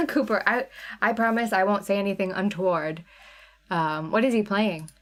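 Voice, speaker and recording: A woman's voice: mid-range voice, normal speed. A woman hosting a live craft sale, chatting casually and answering viewers by name. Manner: chatty, reads out viewer names and chat comments. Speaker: livestream sale host.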